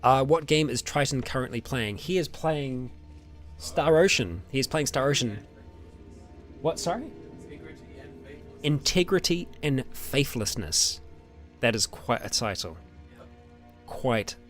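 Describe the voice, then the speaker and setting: A young man with an Australian or New Zealand accent, hosting a casual question-and-answer chat with his viewers, relaxed and rambling with lots of ums and small laughs. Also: mid-range voice, takes it slowly, pauses often, soft background music. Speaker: roleplay channel host answering viewer questions.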